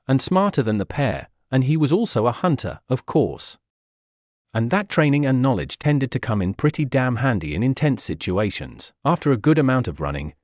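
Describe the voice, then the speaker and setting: A man narrating a fan-fiction audiobook in an expressive, dramatic way, raising his voice for the characters' shouts. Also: medium pitch, no room sound, studio quality.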